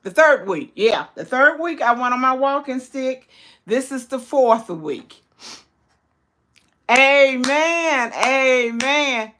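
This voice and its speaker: An older woman hosting a casual cooking livestream, greeting viewers by name and reading their comments aloud. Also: slow pace. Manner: excited high squeals and laughter when greeting friends. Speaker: cooking channel host.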